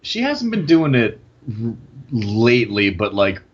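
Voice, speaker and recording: Giggly man with lively pitch on a dull mic. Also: measured pace, crowd noise. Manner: laughs often, crude jokes, rambling. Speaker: podcast co-host. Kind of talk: casual podcast banter. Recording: dull lo-fi mic with faint hiss.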